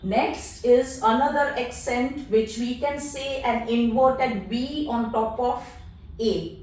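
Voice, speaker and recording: Slow, echoey woman teaching a lesson. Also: a little high, a little mellow, far from the mic. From India. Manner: patient, spells out letters one at a time. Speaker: language teacher. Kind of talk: slow, deliberate lesson explanation. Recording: echoey room, voice off-mic.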